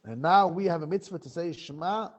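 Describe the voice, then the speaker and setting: A man's voice: a little high, lively intonation, fairly quick, muffled recording. Chuckling, questioning male Gemara teacher. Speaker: Torah teacher. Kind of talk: online Gemara class.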